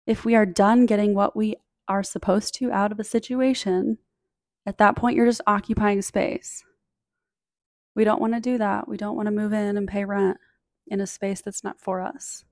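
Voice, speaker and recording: Slow, gravelly-voiced woman coaching gently. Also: medium pitch, no echo, clean studio sound. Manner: soothing, encouraging, direct address. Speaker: podcast host. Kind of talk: spiritual self-help talk. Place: traveling, recorded on a phone. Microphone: phone.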